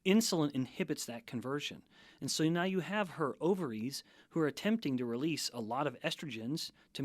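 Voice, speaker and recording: A middle-aged man talks in a measured, methodical way as a scientist guest on an interview show. His voice sits at a middle pitch, and it is recorded close and dry with no room sound. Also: no echo. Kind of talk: explanatory interview talk.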